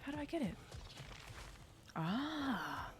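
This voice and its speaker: A young woman gives let's-play commentary, chatting and reacting aloud to what happens on screen. Her voice swings widely in pitch as she talks. A faint noise sits under the recording. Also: very animated, slow pace. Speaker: gaming streamer.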